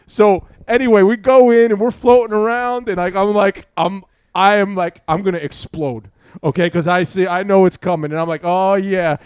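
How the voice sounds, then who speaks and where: A young man co-hosting a casual podcast, telling a story loudly with laughter and swearing. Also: high voice, steady tone, normal speed, clear, resonant tone, no echo, studio quality. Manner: boisterous, laughing, loud storyteller who swears freely. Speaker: podcast co-host.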